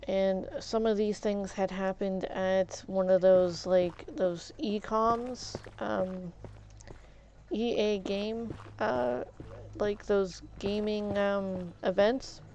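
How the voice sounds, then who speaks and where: A woman streamer chatting casually while gaming, halting and restarting often with fillers. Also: medium pitch, steady tone, darkish tone, lo-fi sound.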